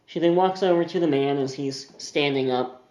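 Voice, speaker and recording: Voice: medium pitch, moderate pace, warm tone, reverberant, dull audio. A game master narrating a tabletop game scene in a loose, descriptive way. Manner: descriptive, uses filler words.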